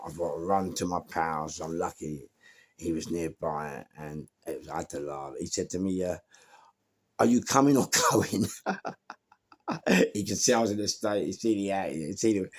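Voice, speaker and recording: London man, low and rough-edged voice, casual storyteller who acts out the quotes. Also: fairly even intonation, normal speed. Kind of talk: casual spoken anecdote.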